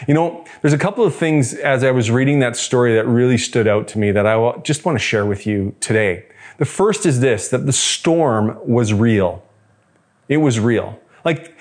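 A male pastor delivering a sermon in a relaxed, conversational way. He reflects aloud and turns to the congregation with rhetorical questions, his voice at an ordinary middle pitch.

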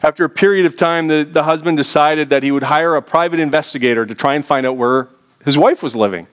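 A pastor delivering a sermon, telling a story in a hushed, low voice and then rising to an urgent, high preaching tone. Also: male voice, fast.

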